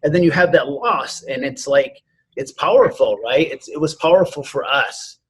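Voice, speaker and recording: A man's voice: fairly high pitch, normal speed, fairly bright tone, husky. A man in his forties, a martial arts instructor and podcast guest, telling a personal story in an earnest, rambling way with lots of "you know" fillers.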